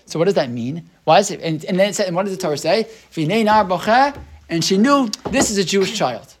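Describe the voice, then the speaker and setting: A man's voice: sits high, lively intonation, fast talker. An American man teaching a Torah class to a small group, asking rhetorical questions, often checking in with "right?", and thinking aloud with restarts.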